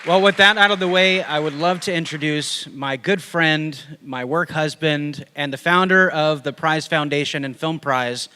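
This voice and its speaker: A man's voice: on the high side, normal speed, few pauses, smooth. Male speaker at a ceremony, casual and friendly, slightly raised voice with long reverb. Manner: relaxed and chatty, builds up to an introduction. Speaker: event organizer. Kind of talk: live event remarks.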